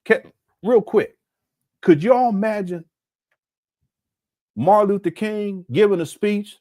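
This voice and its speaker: A middle-aged Southern Californian man hosts a commentary channel, reacting to a video clip in a casual, incredulous, mocking way. His voice sits high and dark, slow with frequent pauses, recorded clean in a studio with no room sound.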